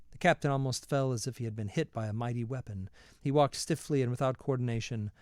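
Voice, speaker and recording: A man reading a science fiction story aloud in a measured, expressive way. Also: mid-range voice, no room sound, clean studio sound. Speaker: reader. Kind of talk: audiobook narration.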